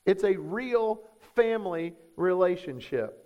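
A pastor preaches in a fairly high voice, leaning on his words and throwing rhetorical questions at the room. The sermon recording sounds dull and lo-fi. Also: lively intonation, measured pace.

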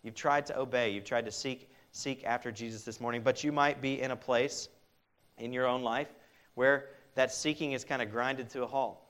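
A man's voice: medium pitch, steady tone, normal speed, a bit bright. This is a man delivering a sermon in an ordinary mid-range voice. He pleads earnestly with his listeners, turning to them with direct questions. His sentences often stall and restart as he thinks aloud. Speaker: pastor.

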